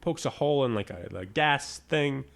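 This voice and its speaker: A man's voice: normal speed, vocal fry. A young man co-hosting a podcast, casually retelling a film's plot and jumping into silly voices for quoted lines. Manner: animated storyteller, jumps into squeaky voices for quotes. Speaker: podcast co-host. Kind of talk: casual movie recap chat.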